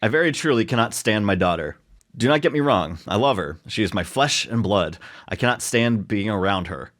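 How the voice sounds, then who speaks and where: A young man with a fairly low voice co-hosts a casual podcast. He reads online posts aloud and banters, often tripping over his words. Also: expressive, fairly quick, a bit bright. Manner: joking, stumbles over words. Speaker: podcast co-host reading stories.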